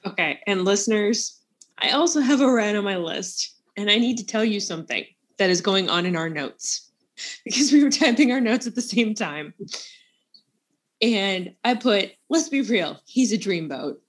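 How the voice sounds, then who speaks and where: A woman's voice: medium pitch, expressive, moderate pace. A woman co-hosting a casual book podcast, talking in a playful way and laughing often. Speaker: podcast co-host.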